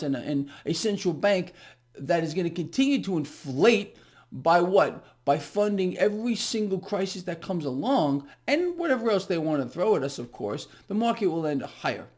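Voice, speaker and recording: A man's voice: high-pitched, darkish tone. A man giving a casual market commentary to viewers, ranting in a sarcastic, profane way and laughing in exasperation.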